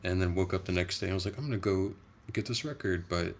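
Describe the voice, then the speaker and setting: A young man hosting a casual livestream, chatting in a soft-spoken, rambling way. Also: deep voice, fast, a little hiss or hum. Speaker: livestream host.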